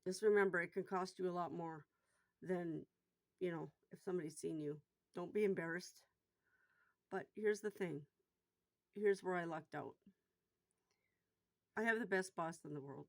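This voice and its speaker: A middle-aged woman who works at a bar tells a personal story in a casual vlog, speaking at a moderate pace in a voice on the low side, with long pauses. She's blunt, swears freely, and gets loud and worked up retelling it, and there's no room sound.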